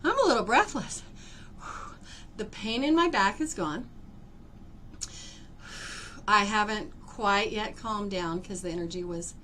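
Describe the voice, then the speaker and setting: A woman leading a live energy-healing demonstration, theatrical and expressive, often breaking into laughter. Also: fairly low pitch, slight background noise. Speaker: energy healer.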